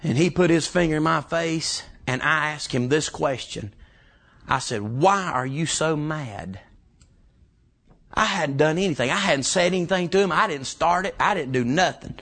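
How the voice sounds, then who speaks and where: Male pastor, fiery pulpit delivery, animated pitch, bright tone. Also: moderate pace. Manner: impassioned preaching, shouting climaxes. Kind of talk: sermon.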